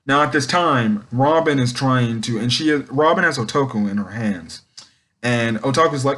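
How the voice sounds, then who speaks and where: A young man rambles through a casual recap and review of an anime episode. He keeps starting over mid-sentence and fills gaps with ums. His voice sits at an ordinary middle pitch. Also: normal speed, a bit bright. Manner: rambling, many ums and restarts.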